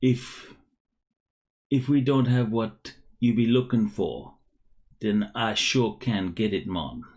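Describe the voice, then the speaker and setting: Middle-aged eccentric orc shopkeeper, put on by a man, hammy bad Jamaican accent, raised pitch. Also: takes it slowly, darkish tone. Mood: welcoming.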